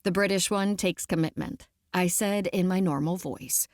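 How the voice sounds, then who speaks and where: A woman's voice: lowish voice, normal speed, hardly any pauses, no echo, studio quality. A woman narrating a romance audiobook in the first person, in a conversational storytelling way.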